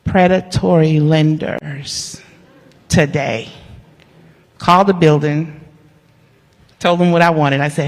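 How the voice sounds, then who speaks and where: A woman, an award honoree giving an animated, humorous storytelling speech that talks straight to the audience. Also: sits low, unhurried, pauses often. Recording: long hall reverb.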